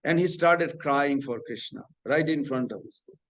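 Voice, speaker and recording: A man's voice: medium pitch, normal speed, fairly bright tone, low-quality recording. A man leading a scripture class, telling a devotional story and acting out its dialogue.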